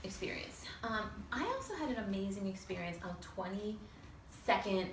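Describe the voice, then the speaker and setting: A woman telling a lively personal story to a small audience, acting out other people's voices and swearing casually. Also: mid-range voice, normal speed. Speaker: storyteller on a talk show. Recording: roomy sound from a distance with faint noise.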